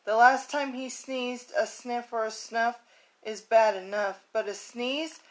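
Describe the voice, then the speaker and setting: A woman reads aloud as an indignant bear from a children's book. The voice is a little high and slow, complaining through the rhymes. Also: steady tone, rough recording.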